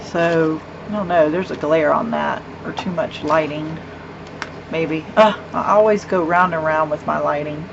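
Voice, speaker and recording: Middle-aged woman, unhurried, gushing craft vlogger; dull lo-fi recording at a home craft table. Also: sits low, fairly even intonation, gravelly. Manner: chatty, rambling, with gushing asides. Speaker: card-making vlogger. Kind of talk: casual craft show-and-tell. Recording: dull lo-fi with faint hum.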